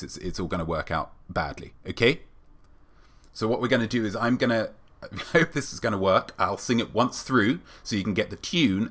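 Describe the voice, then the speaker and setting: A young man hosting a comedic live show, swinging between mock-solemn asides and loud, theatrical excitement. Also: on the low side. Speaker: host.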